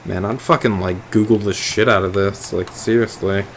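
A young man talks over his gameplay in a lowish voice, cursing and joking as he rambles. His delivery is casual and loose. A faint hiss sits under the recording. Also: fairly even intonation, moderate pace. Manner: profane, rambling, jokey. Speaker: gaming video host. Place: indoors at home, late at night.

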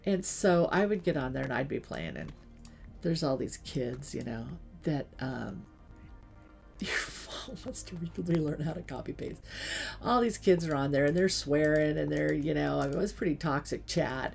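A woman's voice: low voice, animated, normal speed, creaky, a little mellow, soft background music. A middle-aged woman streaming a game, chatting and telling stories between asides to the game. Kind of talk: casual gaming livestream chat.

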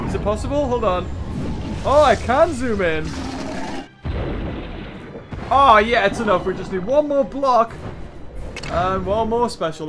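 A British man giving chatty, excitable let's-play commentary from his bedroom at home, thinking out loud and laughing often. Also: sits high. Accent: British English. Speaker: gaming channel host.

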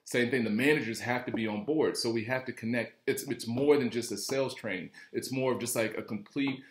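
A man's voice: mid-range voice, brisk, reverberant. A man, an automotive sales trainer, talking casually to camera in a rambling storytelling way, acting out what others said.

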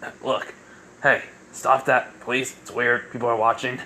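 A man's voice: medium pitch, little pitch movement, a little slow, bright, forceful tone, slight background noise. A man voicing a cool, aloof male hedgehog speedster in a dismissive tone.

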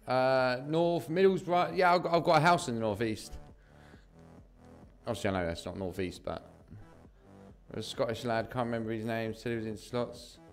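A man's voice: medium pitch, normal speed, pauses often, faint music behind. A young English man from southeast England, chatting casually with viewers on a slots live stream and calling them mate and bro.

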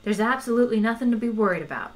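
A woman voicing a breezy, offhand male spaceship captain in a storybook reading, loud and bossy. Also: on the high side, expressive, racing, natural voice. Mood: reassuring.

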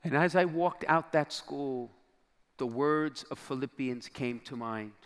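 A man's voice: medium pitch, fairly even intonation, unhurried, smooth. A middle-aged man, a bishop, preaching to young people by telling a story, acting out the dialogue and dropping almost to a whisper at key moments. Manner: dramatic storyteller, acts out quoted dialogue, drops to near-whisper at key moments. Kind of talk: storytelling sermon to a youth crowd. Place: large convention hall. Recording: long reverb of a large hall.

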